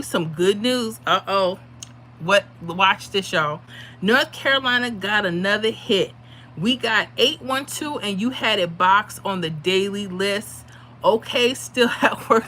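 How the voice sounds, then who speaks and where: A woman worn out from little sleep hosts a casual livestream giving lottery predictions, chatting and reading out viewer comments. Her voice is on the high side with a sharp tone, over slight background noise.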